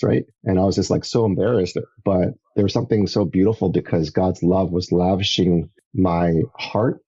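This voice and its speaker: A middle-aged man from Canada, a podcast guest telling his faith story in a casual, animated way. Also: deep voice, slightly rough, highs cut off. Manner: animated storyteller, acts out voices. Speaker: podcast guest, evangelist turned entrepreneur.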